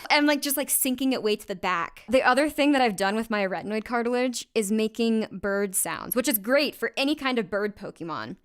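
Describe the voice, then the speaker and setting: A woman singer with a fairly high, expressive, clear and resonant voice chats casually on a livestream while recording vocals. She laughs quickly and often and says "like" a lot.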